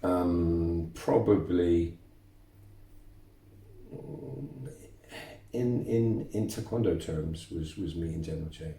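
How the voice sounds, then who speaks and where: A man, telling lively stories as a martial arts instructor guest, repeating words as he goes. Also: deep voice, takes it slowly, vocal fry, long pauses, far from the mic. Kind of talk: casual interview storytelling. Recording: roomy echo, voice off-mic.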